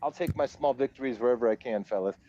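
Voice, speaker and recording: A man in his forties, a musician guest, telling his story in a rambling, animated way and laughing at himself. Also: mid-range voice, fast, over a noisy crowd. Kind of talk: casual storytelling interview. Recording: dull lo-fi audio.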